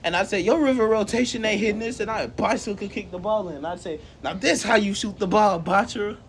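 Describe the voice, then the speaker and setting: Casual male storyteller, high-pitched, animated, slangy, acts out the dialogue. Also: a little fast, a little hiss or hum. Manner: animated and slangy, acts out quoted lines and laughs often. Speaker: co-host telling a fan story.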